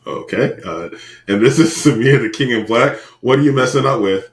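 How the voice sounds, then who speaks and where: A man co-hosting a podcast in casual chat, with profane, animated banter. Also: mid-range voice, normal speed, roomy sound. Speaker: podcast co-host.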